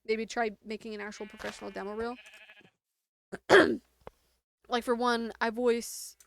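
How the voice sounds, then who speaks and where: A woman's voice: fairly high pitch, little pitch movement, unhurried, vocal fry, a bit bright. A young adult woman streaming a game and chatting casually with a sore throat. She rambles, uses lots of "like" fillers, and laughs often. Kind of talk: casual chat while gaming.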